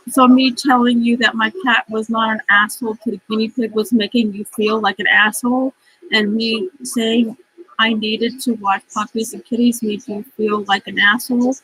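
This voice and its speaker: Upset woman vlogger, swears a lot, breathy voice pitched a little high. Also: bright, forceful tone, low-quality recording. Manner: frustrated, profane, rambling. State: upset and stressed. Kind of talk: casual venting vlog, reading chat messages aloud.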